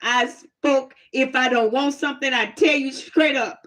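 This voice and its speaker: A woman casually telling a personal testimony story, animated and plain-spoken, laughing often. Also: sits high, a little slow. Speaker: host sharing a testimony.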